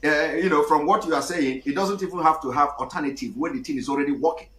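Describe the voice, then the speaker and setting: A man hosting a call-in talk show, speaking calmly and hesitantly, with many fillers as he answers a caller. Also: a little high, fast, noisy background. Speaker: host. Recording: roomy echo.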